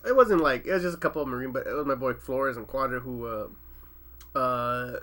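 Fast, bright-voiced young man spinning a story. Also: mid-range voice. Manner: laughing, profane storyteller who acts out quotes. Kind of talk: casual storytelling chat.

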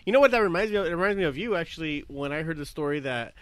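A man's voice: fairly high pitch, expressive, rapid-fire, a bit bright, no echo. A man co-hosting a casual podcast chat, mostly chiming in with short agreements. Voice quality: brief agreeing interjections.

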